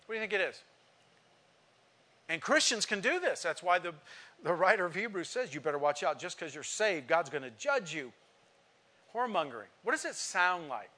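A man's voice: high-pitched, big pitch swings, normal speed, pauses often, sharp tone. A man preaching a sermon to a congregation, emphatic and asking rhetorical questions. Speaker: pastor.

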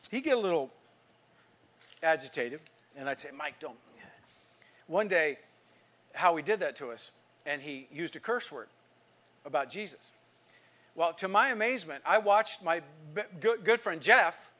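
A middle-aged man from California preaching a sermon, telling stories and swinging from hushed asides to emphatic lines. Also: sits high. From California, USA. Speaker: pastor.

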